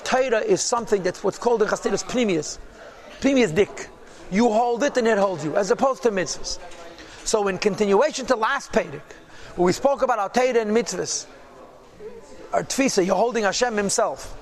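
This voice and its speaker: A man teaching a daily Chassidic text class, reading phrases from the text and translating and explaining each one. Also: extremely high pitch. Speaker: Torah teacher.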